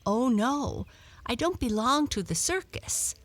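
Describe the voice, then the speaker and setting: A timid, hungry little girl cat, as a woman puts her on, pleading and earnest, pitched up high with lively swoops. Her slow, careful words come close and dry, with faint music under the storybook reading. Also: dry recording, heavily acted. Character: small lost female cat, timid, tired and hungry.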